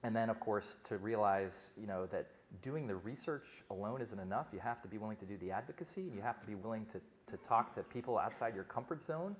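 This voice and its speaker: Middle-aged man, doctor addressing a conference crowd, low voice, rapid chatty delivery with restarts. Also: expressive, slight background noise. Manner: fast, conversational storytelling with frequent restarts. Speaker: physician giving a talk. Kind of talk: conference talk to an audience.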